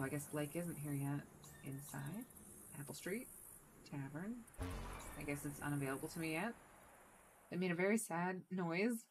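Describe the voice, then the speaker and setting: A woman's voice: on the low side, slight background noise. A woman playing a video game, reading its text aloud with casual, wry asides. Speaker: let's play streamer.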